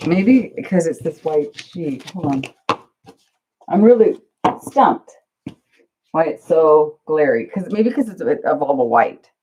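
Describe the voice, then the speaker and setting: A woman's voice: low-pitched, animated, slow, pauses often, background noise. A woman hosting a casual crafting livestream, flustered and self-deprecating, chatting to her viewers while she works. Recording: dull lo-fi livestream audio.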